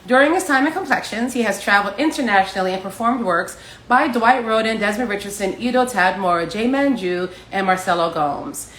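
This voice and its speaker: A woman's voice: mid-range voice, fairly quick, a bit bright. Gushing woman talk show host, roomy sound. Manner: effusive, gushing over her guest. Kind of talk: reading a guest introduction, then casual chat. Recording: roomy echo.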